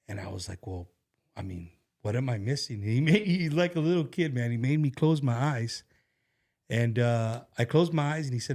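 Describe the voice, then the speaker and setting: A man's voice: mid-range voice, expressive, normal speed, a little mellow. A man hosting a casual talk show, speaking in a rambling, heartfelt way with many restarts and fillers. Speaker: show host. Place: studio.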